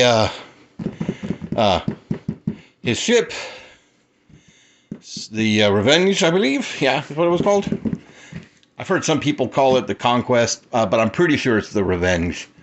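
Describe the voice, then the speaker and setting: Male toy collector, lively pitch, excitable and rambly, chuckling often, cellphone-recorded home unboxing. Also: a little slow, long pauses. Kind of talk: casual unboxing vlog. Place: cluttered apartment room. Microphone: handheld cellphone.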